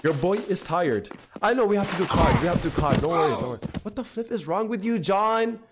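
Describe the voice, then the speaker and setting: A hoarse young man streams gameplay live, his voice pitched high and chatty, full of slang and excitable asides. Steady background noise and key clicks run under his talk. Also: racing. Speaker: gaming streamer. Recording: noisy stream audio with clicks.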